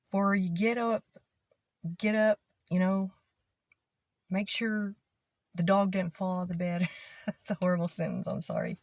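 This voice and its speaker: A woman's voice: medium pitch, very animated, unhurried, long pauses, darkish tone, dry recording. A Texan woman with a drawling accent, chatting casually in her own video and laughing often. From Texas. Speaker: vlogger.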